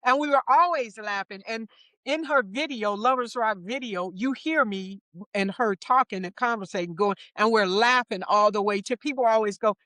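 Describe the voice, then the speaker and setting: A middle-aged woman guest in an interview, telling stories about her career with a lively manner. She laughs easily and acts out what others said. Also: on the high side, moderate pace, no room sound. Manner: lively anecdotes, acts out quoted voices. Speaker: interview guest, wardrobe supervisor. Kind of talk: casual storytelling interview.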